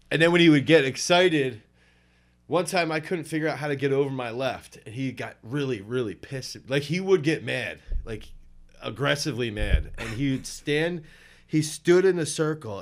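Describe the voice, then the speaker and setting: A man who coaches throwing tells animated stories in a casual interview, often chuckling and restarting his sentences. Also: medium pitch.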